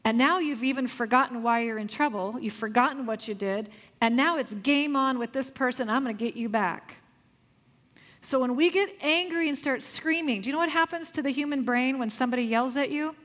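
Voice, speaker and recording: A woman leading a live parenting workshop, lively and asking the audience questions before answering them herself. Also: high voice, fairly quick, few pauses. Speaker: parenting coach. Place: large room with a live audience. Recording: long hall reverb.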